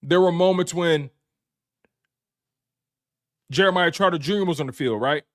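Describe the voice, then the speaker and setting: A man with a somewhat high, slightly bright voice speaks at a moderate pace. Running a hyped live-stream sports recap, he addresses his chat head-on, repeats phrases to stress them, and responds to super chats.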